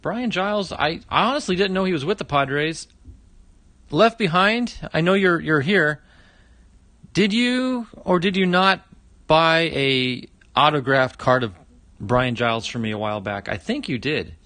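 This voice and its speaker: A man's voice: a little high, animated, a little slow, bright, forceful tone, no echo. A middle-aged man hosting a casual livestream, opening fan mail, chatty and exclaiming often.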